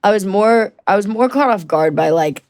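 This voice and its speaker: A woman's voice: medium pitch, lively intonation, normal speed, darkish tone. A woman in her twenties, a podcast guest telling stories animatedly, often restarting and acting out what people said. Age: 20s. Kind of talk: casual storytelling interview.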